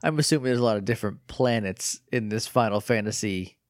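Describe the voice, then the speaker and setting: A man's voice: fairly low pitch, brisk, no room sound, studio quality. A man co-hosting a podcast in casual chat, asking wry questions and laughing often. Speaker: podcast co-host.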